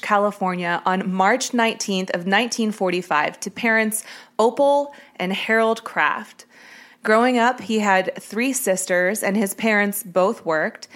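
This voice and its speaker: A woman's voice: medium pitch, a bit bright. A woman hosting a true-crime podcast, chatting casually and storytelling with a few ums. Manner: chatty, reads names quickly with filler ums. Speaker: podcast host.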